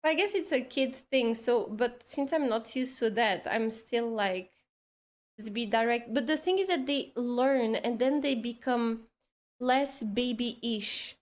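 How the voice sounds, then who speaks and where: A woman's voice: a little high, slow. A woman chatting casually on a drawing stream, telling stories and acting out the kids she teaches. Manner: animated storytelling, acting out kids' voices. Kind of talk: casual chat while drawing.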